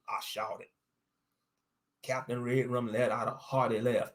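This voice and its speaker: A man reading a story aloud as its narrator, in a plain, unhurried way. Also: mid-range voice, flat delivery.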